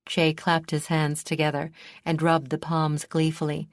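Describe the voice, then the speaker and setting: A woman narrating a fantasy audiobook in a steady, measured way. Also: low-pitched, no echo, studio quality. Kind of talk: scripted narration.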